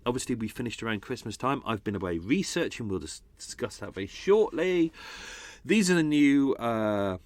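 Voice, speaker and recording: A man hosting a true-crime podcast, narrating in a grave, measured way and chatting in a rambling, self-mocking manner. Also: mid-range voice, expressive, no room sound. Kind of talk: scripted true-crime narration and casual chat.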